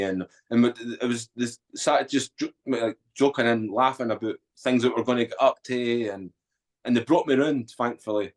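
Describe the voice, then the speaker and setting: A man's voice: mid-range voice, moderate pace. A man, a podcast guest telling his story candidly and bluntly, swearing freely.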